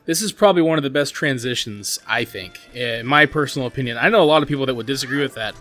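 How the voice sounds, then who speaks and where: A man's voice: mid-range voice, fast, a bit bright. A man hosting a gaming channel, talking through his gameplay in an earnest, rambling way, with many "like" and "you know" fillers. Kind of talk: casual gameplay commentary. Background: faint game music.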